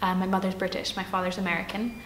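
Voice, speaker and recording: A woman's voice: mid-range voice, level tone, quick pace, fairly bright tone, a little hiss or hum. Chatty young woman vlogger, echoey room. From Switzerland. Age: young adult. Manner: chatty, playful, filler-heavy with lots of "like". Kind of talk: casual Q&A tag video.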